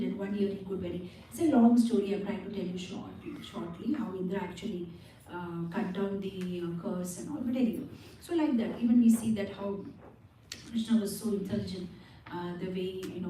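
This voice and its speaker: Woman giving a religious talk, telling a story all animated, mellow voice, mic far away in a big echoey hall. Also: medium pitch, a little hiss or hum. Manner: animated storytelling that often breaks into laughter. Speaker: devotional speaker.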